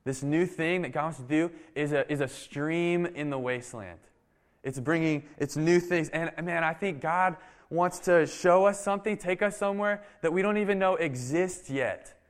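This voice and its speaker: A man's voice: fairly high pitch, normal speed. Guy preaching a sermon, casual and chatty, lots of "like", acts out the people in his story. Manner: animated storytelling, acts out quoted dialogue; casual, frequent "like". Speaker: pastor.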